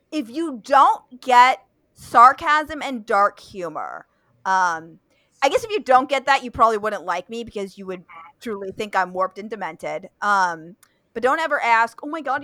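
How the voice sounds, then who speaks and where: A woman's voice: mid-range voice, lively intonation, a little slow, pushed and bright, dry recording. A young woman hosting a casual chat, blunt and profane, with lots of fillers and restarts. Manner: blunt, swears freely, many fillers and restarts. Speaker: podcast host.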